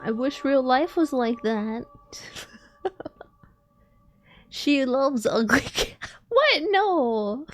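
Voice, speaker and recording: Giggly, slow-talking woman streamer. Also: sits high, animated, no echo. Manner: chatty, giggly, reads and answers chat. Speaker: game streamer. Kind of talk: casual live-stream chat while gaming.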